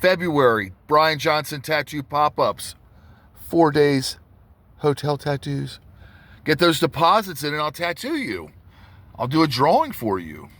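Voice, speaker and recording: A man's voice: fairly high pitch, big pitch swings, measured pace, a bit bright, no echo. Rambling man telling a story. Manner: rambling, frequent restarts and asides to viewers. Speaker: tattoo artist. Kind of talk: casual storytelling vlog.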